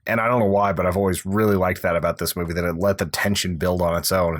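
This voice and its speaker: A man co-hosting a podcast, adding measured, thoughtful remarks in a casual film chat. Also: deep voice. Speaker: podcast co-host.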